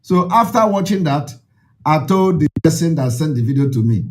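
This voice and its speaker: Speaking at a normal pace in a high, slightly mellow voice with lively intonation, an Igbo man with a Nigerian accent passionately addresses his followers. His tone stays emphatic and preaching, and he drives each point home through repetition, his pitch swinging widely.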